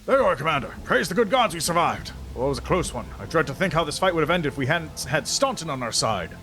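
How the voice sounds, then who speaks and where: A tired old-soldier dwarf, solemn and dutiful, with a fairly high voice that rises and falls a lot, as a man reads his lines for a game. His speech sways with feeling. Faint game music plays behind him. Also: sing-song, quick pace, bright, forceful tone, heavily acted. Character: weary battle-worn male dwarf banner guard. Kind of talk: reading game dialogue aloud in character.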